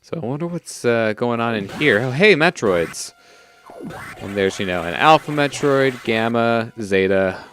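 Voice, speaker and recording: A young man giving casual, relaxed gameplay commentary, rambling with many fillers. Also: mid-range voice, unhurried, soft background music. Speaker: let's play commentator.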